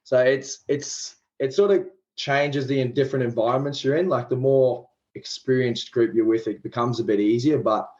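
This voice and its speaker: A man's voice: medium pitch, moderate pace, few pauses, a little mellow, dull audio. An Australian man in his twenties, a pro rugby league player chatting casually as a podcast guest, loose and self-deprecating. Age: 20s.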